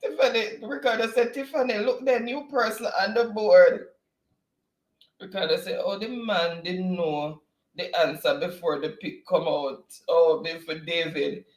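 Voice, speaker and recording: A man's voice: high voice, unhurried. A man co-hosting a trivia live stream, reading viewer comments aloud with lots of laughter and teasing. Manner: laughs often, animated and teasing. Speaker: co-host of an online trivia stream. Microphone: home desk mic. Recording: roomy echo.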